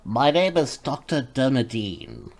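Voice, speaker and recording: A man voicing a creepy masked male doctor with a nasal, muffled voice and slow, clipped commands. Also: mid-range voice, sing-song, creaky, full character voice. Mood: curt.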